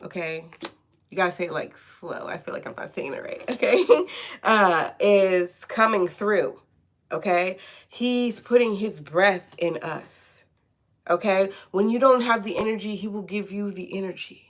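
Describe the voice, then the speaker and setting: A woman's voice: mid-range voice, a little slow. Chatty woman giving a tarot reading. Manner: chatty, checks in with "okay?" often. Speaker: tarot reader. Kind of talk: casual live tarot reading.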